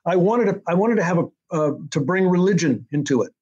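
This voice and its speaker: An older American man recalls events in a casual interview, his voice sitting a little high for a man. He rambles, restarting his sentences and filling pauses with "uh" and "um". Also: animated, darkish tone, slightly rough, muffled recording. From United States. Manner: rambling with many restarts and fillers. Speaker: TV writer-director being interviewed.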